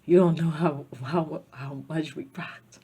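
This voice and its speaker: A husky-voiced woman rambles through a tearful personal vlog, circling back on the same phrases. Her low, mellow voice swings from loud declarations to soft near-whispers as she talks. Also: steady tone, measured pace. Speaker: vlogger.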